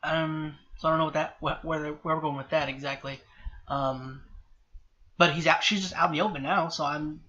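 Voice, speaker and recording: Reacting alone to a TV episode, this man wanders through his thoughts, frequently starting over, correcting himself and saying sorry. His voice is on the high side, bright and forceful, heard through slightly dull lo-fi audio with a faint hiss.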